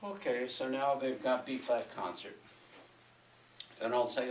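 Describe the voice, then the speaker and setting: A man's voice: mid-range voice, steady tone, measured pace, long pauses, a little hiss or hum. An older man giving a college lecture on music teaching, breaking into sung solfège and chanted rhythm syllables to demonstrate. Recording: roomy hall recording from far off.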